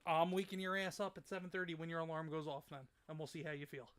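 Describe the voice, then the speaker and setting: A man's voice: on the high side, fairly even intonation, fast, fairly bright tone, no echo. A man hosting a live game stream from home, reading chat messages aloud and teasing his wife. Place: home, at the gaming setup. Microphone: desk mic left live.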